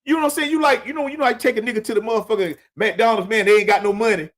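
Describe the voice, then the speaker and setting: A middle-aged man hosts a podcast in a casual chat, lecturing his guest emphatically and repetitively with lots of profanity. His voice is high and he talks at a racing speed.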